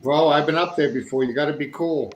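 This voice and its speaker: A man's voice: a little high, brisk, muffled recording, slight background noise. Laid-back Northeastern man in echoey room. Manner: laid-back, says bro and dude a lot. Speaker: veteran chatting. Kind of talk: casual chat. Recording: echoey room with faint ambience.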